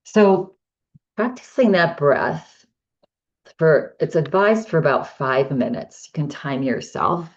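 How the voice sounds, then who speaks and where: A woman teaching a chair yoga class, guiding breathing exercises with gentle, calm instructions and soft affirmations. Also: low-pitched, takes it slowly. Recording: echoey room, distant mic, dull sound.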